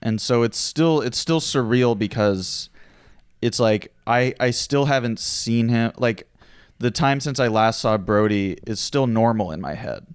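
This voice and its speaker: A male comedian in casual podcast chat, speaking in a subdued, halting way. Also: mid-range voice, clean tone, no room sound, clean studio sound.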